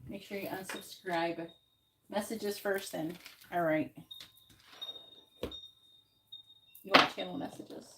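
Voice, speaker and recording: A woman runs a live tarot reading in a blunt, defensive way and swears freely. While she shuffles she repeats her questions over and over in a chanting rhythm. Loud constant noise sits under her voice. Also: mid-range voice, fairly even intonation, slow, long pauses. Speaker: tarot reader.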